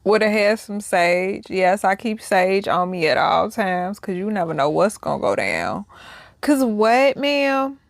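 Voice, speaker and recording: A young adult woman giving casual reaction commentary, animated and slangy, swinging between soft musing and loud outbursts. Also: medium pitch, slow pace, vocal fry, no room sound, clean studio sound. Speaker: reaction vlogger.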